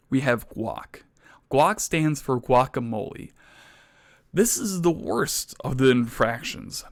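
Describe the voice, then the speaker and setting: A young man delivers a deadpan-turned-furious lecture for comedy. His voice sits slightly high for a man and jumps higher still when he gets worked up. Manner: mock-outraged ranting, escalating to near shouts. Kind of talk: mock-serious comedy lecture.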